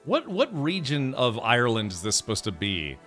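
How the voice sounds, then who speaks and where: A man's voice: mid-range voice, huge pitch swings, normal speed, fairly bright tone, soft background music. An American man commentating his gameplay live, chatty and rambling with many asides. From United States. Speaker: game streamer.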